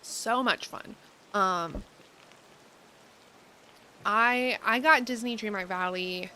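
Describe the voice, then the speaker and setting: A young woman from the United States talks casually to her stream audience while she plays. Her voice sits at a mid pitch, and her chat rambles along, full of ums and likes. Faint rain patters behind her. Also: takes it slowly, bright, forceful tone, a little hiss or hum, rough recording. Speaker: game streamer.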